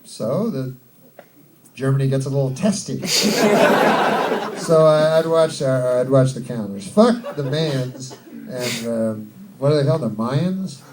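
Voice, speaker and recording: A man doing a rambling, deadpan, profane stand-up set before a live audience. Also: mid-range voice, takes it slowly. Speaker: stand-up comedian. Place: large hall, live audience. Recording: distant live mic, loud crowd and noise.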